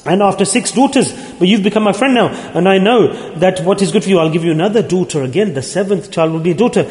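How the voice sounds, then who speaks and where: Male preacher, high register, earnest and imploring, repeats his points; mosque hall, reverberant and roomy. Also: expressive, a little fast, few pauses, darkish tone. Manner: earnest, pleading, repetitive exhortation. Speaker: Sufi religious teacher leading dhikr gatherings. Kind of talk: sermon. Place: mosque gathering. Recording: roomy hall with long echo.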